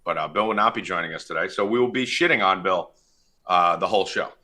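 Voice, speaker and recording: Brief: young male podcast host, very bright tense tone, brash, swears constantly, trash-talks the crew. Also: low voice, quick pace. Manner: brash and profane, loud ribbing. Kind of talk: casual sports betting chat.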